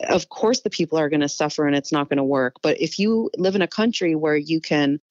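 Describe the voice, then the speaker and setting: A woman's voice: low-pitched, a little mellow, no echo. Opinionated woman, dull lo-fi sound. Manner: opinionated, talks politics fast and passionately. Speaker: comedian guest. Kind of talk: casual podcast chat.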